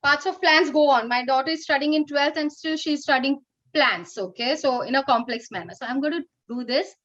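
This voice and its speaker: A woman's voice: high voice, a little fast, fairly bright tone, lo-fi sound. A middle-aged woman with an Indian English accent, coaching teachers in an upbeat online workshop. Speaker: teacher trainer. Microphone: video call.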